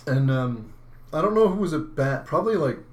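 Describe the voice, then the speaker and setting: A man's voice: fairly high pitch, unhurried. Laughing man telling a story. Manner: animated storytelling, laughs often. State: slightly sick, chewing lozenges. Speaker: podcast co-host. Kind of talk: casual chat.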